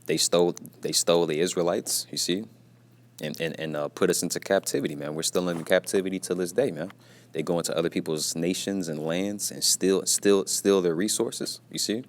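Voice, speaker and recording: A man's voice: low-pitched, a little fast. A man teaching a casual scripture lesson from his workplace, repeating himself and tagging his lines with "you see" and "man", and keeping his voice down at times. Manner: repetitive, peppers talk with "man" and "you see"; speaks quietly at times, mindful of being at work.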